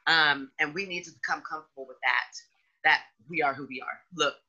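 A candid, animated woman hosts a casual podcast chat. Her voice is sharp-toned and husky. The recording is dull and lo-fi. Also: a little fast. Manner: candid, animated, slips into high mocking voices. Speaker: podcast host. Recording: dull lo-fi audio.

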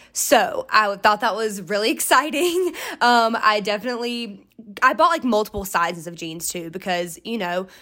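Woman, 20s, podcast host; chatty, rambling, upbeat, mid-pitched. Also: fairly bright tone. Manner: chatty, rambling, self-interrupting; upbeat, encouraging, gushing. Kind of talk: casual solo chat.

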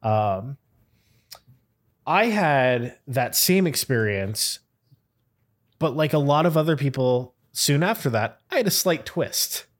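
A man's voice: mid-range voice, animated, slow pace, pauses often. Giggly rambling male storyteller. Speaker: podcast co-host. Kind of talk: casual podcast chat.

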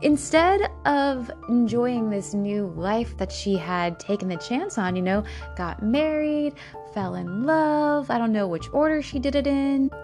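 A woman recounts a dark true crime story in a loose, casual way. Her voice sits a little high, and she swears freely and laughs nervously at grim details. Faint music plays behind her. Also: expressive, a little slow.

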